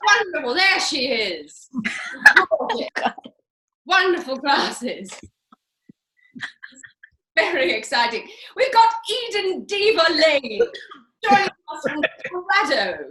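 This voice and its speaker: Casting: woman doing a high, bright-voiced, pompous grande dame, swooping and theatrical, echoey video call. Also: very animated, slow pace, long pauses, a little hiss or hum, full character voice. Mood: gushing grand. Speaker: host of a live online master class. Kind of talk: comic character performance.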